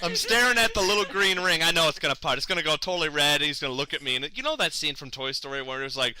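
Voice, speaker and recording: A man casually telling a long comic story, acting out his own and other people's lines with big jumps in pitch, swearing freely and mocking himself. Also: quick pace, few pauses, dry recording. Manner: animated, acts out quotes with big pitch swings; profane, self-mocking.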